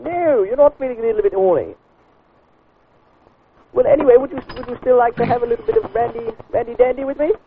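A man putting on a high, breathy voice as a goofy male prank caller on a phone call. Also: fast, long pauses, slight background noise. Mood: teasing. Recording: tinny phone line.

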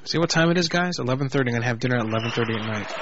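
A man's voice: medium pitch, rapid-fire, muffled recording, background noise. A young man hosting a prank call internet radio show, crude and joking, swearing often. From Orlando, Florida. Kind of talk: casual internet radio banter.

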